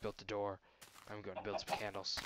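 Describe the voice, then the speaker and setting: A man's voice: on the low side, completely flat delivery, fairly quick. A young man commenting on his own gameplay in a silly, mock-grand voice, speaking to the animals and trees. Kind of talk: let's play commentary. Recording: noisy amateur recording.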